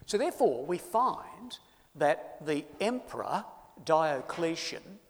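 A man preaching a sermon to his congregation, swinging from loud emphasis to hushed asides. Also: on the high side, big pitch swings, takes it slowly. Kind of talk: sermon on Bible prophecy. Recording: long hall reverb.

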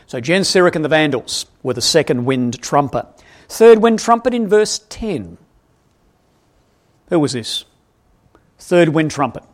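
A man preaching an expository Bible lesson, quizzing his audience and correcting himself as he goes. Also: medium pitch. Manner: animated, asks the audience questions, self-correcting.

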